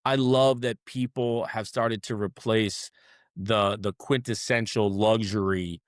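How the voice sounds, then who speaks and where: A man guest on an interview podcast, telling animated stories and often ending his points with "right?". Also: lowish voice, slow pace, dry recording, clean studio sound. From South Florida. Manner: animated storyteller, tags many sentences with "right?". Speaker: restaurant management co-founder, guest. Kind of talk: conversational interview.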